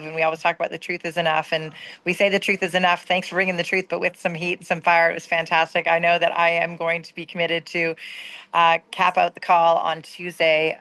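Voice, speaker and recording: An earnest woman offers thanks on a motivational team call in a fairly low, flat voice. Her sound is dry and close, with no room echo. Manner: warm, grateful and earnest.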